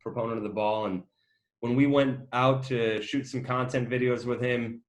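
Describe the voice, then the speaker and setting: Guy host, mid pitch, friendly rambling questions. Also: steady tone, normal speed. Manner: friendly, long wandering questions with fillers. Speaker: interview host, company co-founder. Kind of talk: casual interview chat.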